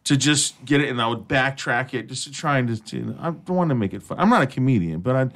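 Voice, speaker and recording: A man's voice: medium pitch, expressive, fast, a bit bright. Laughing, rambling radio host man. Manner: laughing, rambling, swearing freely. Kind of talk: casual chat.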